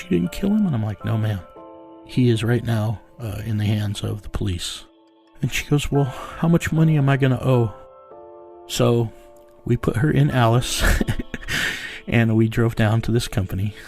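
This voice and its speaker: A man's voice: fairly low pitch, gravelly, darkish tone. An American man telling a tense story bluntly, with swearing, acting out what others said. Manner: blunt, profane, acts out quoted dialogue. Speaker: bounty hunter telling his story. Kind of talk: storytelling interview.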